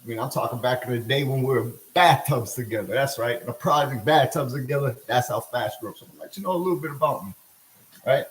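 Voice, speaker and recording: A man's voice: mid-range voice, quick pace, reverberant, rough recording. A middle-aged man rambling in casual livestream talk while he cooks, slangy and laughing often. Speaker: livestream host.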